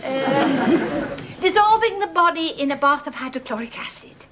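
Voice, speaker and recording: An actress playing a chatty, homely housekeeper nanny in a 1970s sitcom. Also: female voice, sits high, animated, normal speed, very noisy. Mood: musing.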